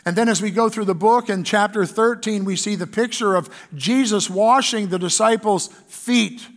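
A pastor with a Canadian accent preaching a sermon in an earnest way, reading scripture aloud with fillers. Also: male voice, sits high, normal speed, a bit bright.

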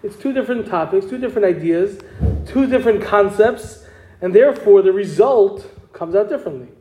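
A man's voice: high-pitched, animated, brisk, mellow. A man teaching a Talmud class, explaining step by step and asking his students questions. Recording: echoey room with noise.

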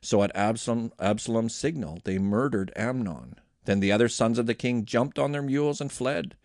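A man hosting a daily Bible reading, reading scripture aloud with expressive, animated delivery. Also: medium pitch, moderate pace, no echo, clean studio sound. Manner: expressive reading with lively voiced quotes.

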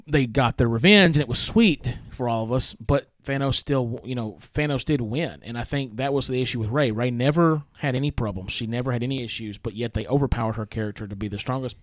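A man's voice: mid-range voice, fairly quick, few pauses, no echo. A man co-hosting a podcast, arguing his opinions emphatically in casual chat full of "like" fillers. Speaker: podcast co-host.

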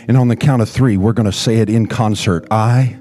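A man preaching a sermon in a church, calling the congregation to respond and often rising to shouts. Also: on the low side, fast talker, soft background music. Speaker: pastor. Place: church sanctuary.

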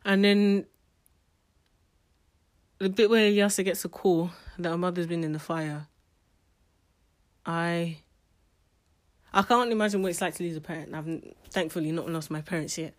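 A woman's voice: fairly low pitch, moderate pace, pauses often. A woman giving a casual spoken book review, chatty and emotional, often restarting her sentences.

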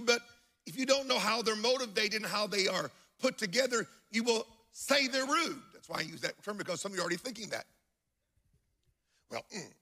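A man's voice: sits high, creaky, pushed and bright. A man preaching a sermon to a congregation in church, emphatic and telling stories with acted-out quotes.

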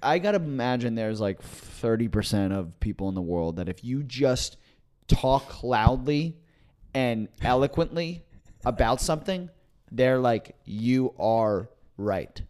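A man's voice: mid-range voice, expressive, measured pace, darkish tone. A man co-hosting a casual comedy podcast, trading dry, sarcastic remarks. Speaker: podcast co-host.

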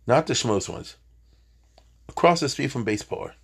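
A man's voice: mid-range voice, expressive, moderate pace, creaky, pauses often, husky. A man teaching an informal Torah class, chatty, with joking asides and Hebrew terms.

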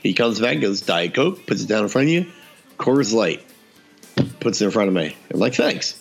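A man's voice: fairly low pitch, expressive, a little fast, creaky, breathy edge, faint music behind. A man casually telling a funny story on a podcast, acting out the dialogue and laughing often.

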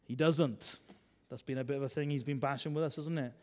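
A man, a minister preaching a sermon in a chatty style, full of tag questions and swings between loud and soft. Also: mid-range voice, fairly even intonation, brisk.

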